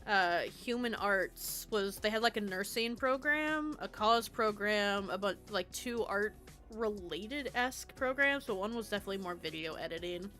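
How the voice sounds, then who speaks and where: A woman's voice: medium pitch, normal speed, fairly bright tone. A young woman streaming while she builds in a game, chatting in a rambling, self-deprecating way and swearing freely, with faint game music behind her.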